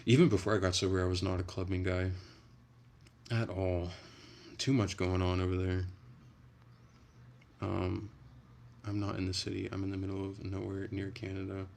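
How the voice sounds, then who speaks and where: A man with a deep, gravelly voice chats with his viewers in a loose, rambling way. He swears freely and restarts his sentences often. A faint noise sits under the voice. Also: completely flat delivery, normal speed, long pauses, a little mellow. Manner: rambling, profane, frequent restarts. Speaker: livestreamer chatting with viewers. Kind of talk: casual livestream chat.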